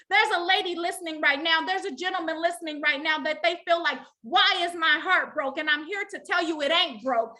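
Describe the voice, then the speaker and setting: A woman leads a live online motivational session. Her voice sits high, and she talks like a preacher, calling to her audience for answers. The tone is bright and forceful throughout. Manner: preacher-like call and response with the audience. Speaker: life coach.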